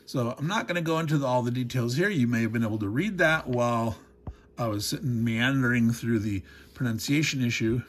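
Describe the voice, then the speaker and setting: A man's voice: mid-range voice, a little fast, a little hiss or hum. A man hosting a board game unboxing, talking casually, wandering off into digressions and chuckling as he goes. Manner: rambling, digressive, chuckles often.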